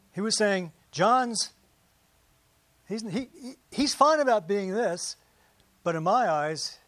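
Speaking to his congregation in a high voice, this pastor keeps the sermon easygoing and conversational, firing off rhetorical questions and brief asides. The sound is dry and close-miked, with no room sound.

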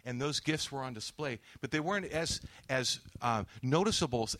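A man's voice: medium pitch, fairly bright tone. A man preaching a sermon, telling a testimony story and acting out the quoted dialogue.

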